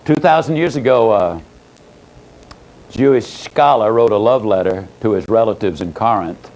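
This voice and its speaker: An older man with a Southern American accent giving a motivational speech, telling stories with dramatic swings of pitch and loudness and long pauses. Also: rough recording. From Southern United States. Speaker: motivational speaker. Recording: old audio tape recording.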